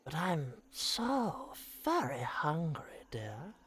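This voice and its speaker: A man voicing a hungry, spooky witch whose voice carries across a swamp, in a slow, whispery drawl. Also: on the high side, huge pitch swings, a bit bright, husky, voice pushed up, full character voice. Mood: menacing. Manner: whispery, drawn-out.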